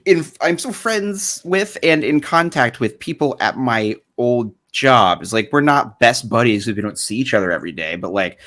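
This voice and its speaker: A man's voice: fairly high pitch, a bit bright. A man in his thirties hosting a commentary vlog, talking casually and sarcastically, often laughing and swearing. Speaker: channel host.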